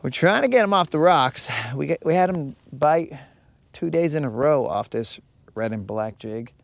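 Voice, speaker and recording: A man with an animated, creaky voice on the high side talks at normal speed while livestreaming fishing from his boat on a lake. Casual and jokey, he rambles and replies to what his chat writes.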